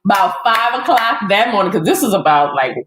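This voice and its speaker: A woman guest on a podcast, telling a story in lively casual chat with laughs between her lines. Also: mid-range voice, a little fast, slight background noise. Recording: echoey room.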